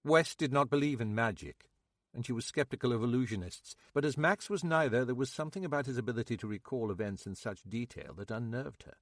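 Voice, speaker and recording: This is scripted audiobook narration by a man with a mid-range voice, read in a measured yet expressive way. The recording is studio quality with no echo.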